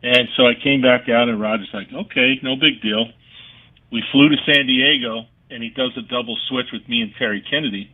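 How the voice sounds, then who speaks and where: A California man, once a ballplayer and now a firefighter, guests on a radio interview heard over a phone-like line. His mid-range voice is steady and brisk, with few pauses, as he tells stories animatedly and mimics the people he quotes.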